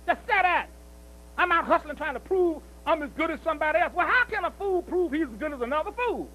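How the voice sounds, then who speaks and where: A man preaches in a strikingly high voice, bright and forceful in tone. He drives his points home through repetition and keeps asking his listeners whether they follow him. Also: lively intonation, fast, rough recording. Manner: emphatic, repetitive, with rhetorical questions like "see?". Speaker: speaker at a commemorative celebration. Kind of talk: preaching-style speech.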